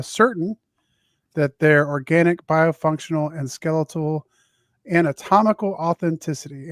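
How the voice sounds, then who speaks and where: A man with a Southern US accent hosts a casual podcast, reading news items aloud. He hesitates and restarts often, filling gaps with uhs and ums. His voice sits a little high and sounds dry and close. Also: dry recording. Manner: halting, many filler sounds and restarts while reading. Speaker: podcast host.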